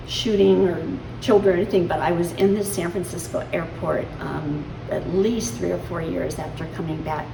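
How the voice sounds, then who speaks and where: A woman in her seventies, a veteran recounting memories in an interview, in a halting way with many fillers. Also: fairly low pitch, creaky. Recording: roomy, distant mic, ambient noise.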